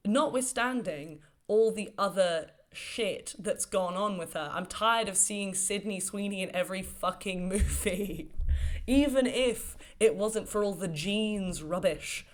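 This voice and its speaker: A woman's voice: medium pitch, unhurried. A woman hosting a casual solo podcast, talking in an enthusiastic, rambling way with lots of fillers and the odd swear word. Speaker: podcast host.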